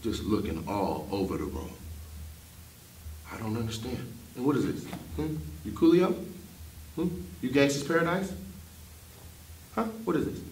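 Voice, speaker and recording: A man playing a teacher in a comedy sketch, roasting his students in a loud, mocking way. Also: medium pitch, lively intonation, moderate pace, long pauses, distant mic. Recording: echoey room with background noise.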